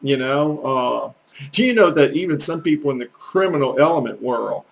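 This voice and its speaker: A middle-aged Southern American man works as a language tutor, giving a rambling, folksy lesson packed with fillers and restarts. His gravelly, expressive voice is medium-pitched and moderately paced, captured in a rough recording with a crowd in the background.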